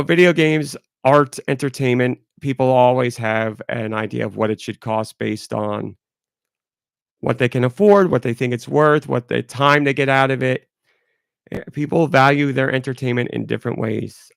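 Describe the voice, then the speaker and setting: Gravelly congested male podcast host. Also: mid-range voice, fairly bright tone, dry recording, clean studio sound. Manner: rambling, candid, talks through it. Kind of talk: casual solo podcast talk.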